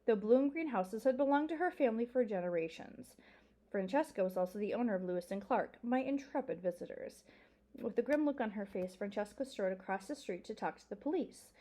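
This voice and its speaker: A woman teacher reading a children's novel aloud to young pupils, expressive and sometimes dropping to a whisper. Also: on the high side, brisk.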